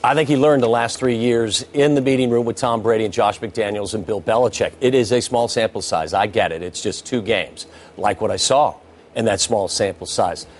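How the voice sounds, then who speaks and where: A man appearing as a guest NFL analyst on a sports debate show, explaining his view calmly with analogies. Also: fairly low pitch, normal speed.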